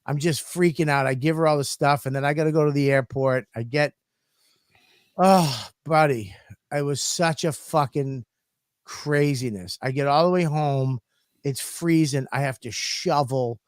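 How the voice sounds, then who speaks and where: Getting worked up while telling a story, a man hosting a podcast swears nonstop in an animated rant. He talks a little slowly, his pitch slightly high. The audio is close and dry, with no echo.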